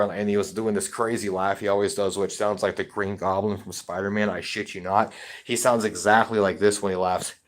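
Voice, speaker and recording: A man with a fairly low voice tells his story in a rambling, agitated rush, swearing constantly. He is talking straight to camera in a personal video update. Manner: rambling, heavily profane, agitated. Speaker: vlogger.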